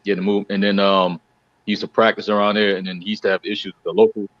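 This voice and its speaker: A man's voice: on the low side, flat delivery, fast talker, a bit bright, dry recording, lo-fi sound. A man co-hosting a casual chat, talking in a laid-back, rambling way.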